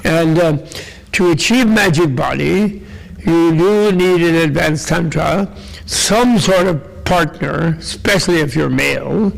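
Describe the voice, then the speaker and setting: Gravelly high-voiced older man teaching. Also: slow pace, rough recording. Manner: joking, rambling, with asides to the audience. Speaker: Buddhist teacher. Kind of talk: casual dharma talk to a live audience.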